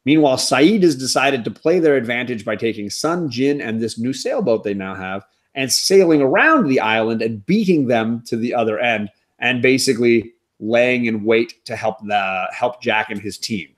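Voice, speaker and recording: A man hosting a casual TV recap chat, talking in an animated, wry way with quick asides. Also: mid-range voice. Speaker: podcast host.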